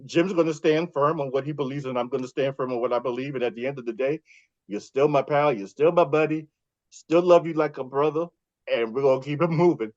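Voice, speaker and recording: A man with a New York accent, a podcast co-host being interviewed, telling stories in a lively way and laughing often. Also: medium pitch, brisk, dry recording, highs cut off. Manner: animated storyteller, laughs often. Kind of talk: casual interview chat.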